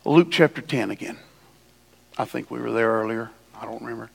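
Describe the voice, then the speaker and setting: A male pastor preaching a sermon, swinging from hushed asides to loud, lively emphasis. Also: medium pitch, brisk, vocal fry, husky, in a large hall. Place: church sanctuary.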